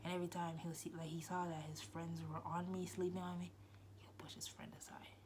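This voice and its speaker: A young woman casually telling a personal story, animated and slangy, often dropping into soft breathy asides. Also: fairly low pitch, a little fast, slight background noise.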